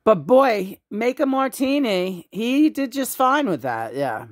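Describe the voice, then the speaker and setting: A woman's voice: a little high, very animated, takes it slowly. A woman telling casual family stories at a home memorial in a rambling way, with many fillers and restarts. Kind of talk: casual storytelling.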